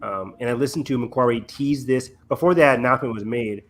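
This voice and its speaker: A man co-hosts a casual movie podcast, speaking at an everyday middle pitch. He rambles through news items, pausing often on ums and restarting his sentences. Faint music sits underneath. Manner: rambling, halting with many ums. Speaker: podcast co-host. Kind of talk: casual chat.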